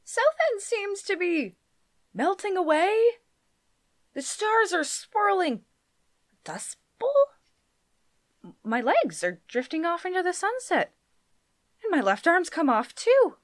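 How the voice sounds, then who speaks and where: Woman putting on a high, flustered Englishman. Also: sing-song, slow pace, pauses often, no echo, studio quality, exaggerated voice. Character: bewildered, flustered, panicky Englishman. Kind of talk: live book reading.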